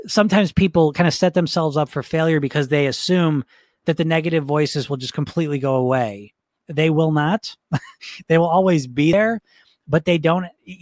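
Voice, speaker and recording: A man teaching like a coach, talking casually, often repeating his words and filling pauses. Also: a little high, no echo, clean studio sound. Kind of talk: motivational teaching talk.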